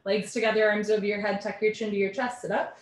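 A woman leading a live yoga class from home, calling out poses briskly and dropping in chatty asides. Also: mid-range voice, flat delivery, echoey room. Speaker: yoga teacher.

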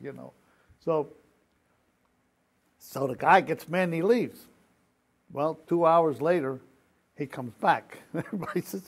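A man's voice: fairly high pitch, unhurried, long pauses. An older man recounting his experiences in an oral history interview, telling stories with quoted dialogue. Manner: lively anecdotal storytelling with quoted dialogue.

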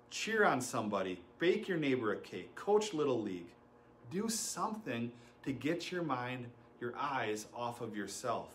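A man's voice: mid-range voice, a little hiss or hum. A middle-aged man preaching a sermon as pastor, telling stories with laughs and acting out quotes.

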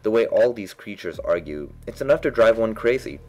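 A man's voice: on the low side, expressive, brisk, darkish tone, muffled recording, voice pushed up. A man voicing a polite, curious young girl in a storybook reading. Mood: pleading. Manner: polite, pleading, timid.

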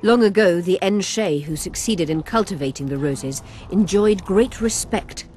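In a fantasy video game, an actor voices a learned male healer mage who explains things in a formal, measured way. His voice is high and a little mellow.

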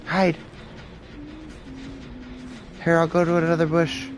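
A woman's voice: on the low side, completely flat delivery, slow, a little hiss or hum. A woman streaming a game and chatting casually with friends, swearing freely and laughing often. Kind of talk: casual gaming stream chat.

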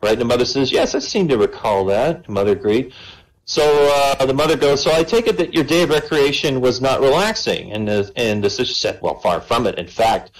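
At an online voice-chat comedy show, a man tells a long joke in an animated way, tacking "right?" onto his lines. His mid-range voice moves fairly quickly, and the audio quality is poor.

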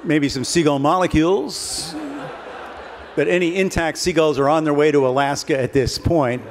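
A man with a somewhat high voice delivers a comic keynote story in a wry, dry manner. He speaks from a stage in a large hall before an audience. The long reverb of the hall trails his words, with faint noise underneath. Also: fairly even intonation, moderate pace.

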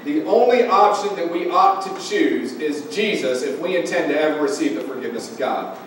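A man's voice: on the high side, expressive, brisk. A male pastor preaching a sermon, building emphasis and putting direct questions to the congregation. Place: church sanctuary. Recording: very echoey church hall from far off, faint noise.

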